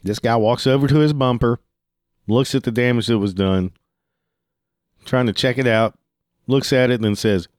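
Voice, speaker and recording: A man's voice: lowish voice, brisk, a little mellow, no echo, studio quality. A man telling a heated, profane story in a casual storytelling style, swearing freely.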